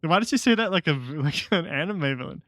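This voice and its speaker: A man's voice: on the high side, expressive, a little fast, a bit bright, no echo. A man streaming a game live, with sarcastic, joking commentary and frequent laughs.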